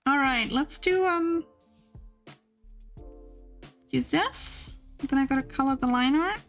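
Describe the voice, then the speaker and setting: Chatty woman streamer, slightly high. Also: brisk, a bit bright, faint music behind. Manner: chatty, rambling with many fillers. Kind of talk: casual chat while drawing.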